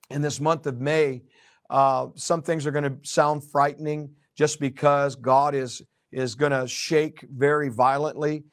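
A man's voice: on the high side, no room sound, studio quality. A man preaching a prophetic sermon in a conversational way, with fillers, repeated words and joking asides. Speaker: pastor.

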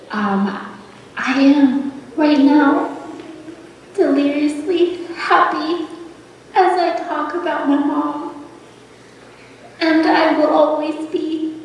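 A woman giving a heartfelt memorial tribute, laughing often and pausing with fillers. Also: mid-range voice, slight background noise. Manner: warm, laughing, halting with fillers. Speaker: eulogy speaker. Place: large hall at a memorial. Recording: echoey hall from far off.

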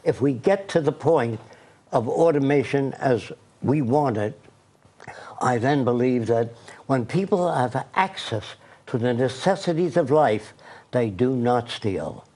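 A man's voice: medium pitch, lively intonation, unhurried, warm tone. Older man, emphatic rambling guest. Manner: puts on a foreign accent when quoting. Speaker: interview guest. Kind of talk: studio interview.

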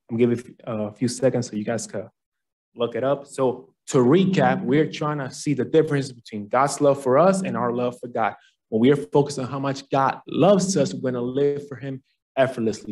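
A young man giving an earnest sermon at a campus fellowship, slowing down on key phrases. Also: medium pitch, a little mellow. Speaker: guest speaker at a campus fellowship.

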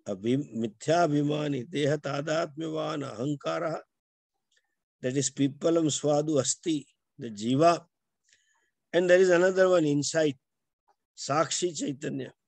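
An older man with an Indian English accent teaching scripture, explaining texts and slowly chanting Sanskrit verses line by line. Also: fairly high pitch, vocal fry, a little mellow, dry recording.

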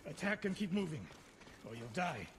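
Stern older archery master; commanding, animated intonation, slightly raised pitch. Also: male voice, moderate pace, slight background noise. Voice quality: stern, testing. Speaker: game character.

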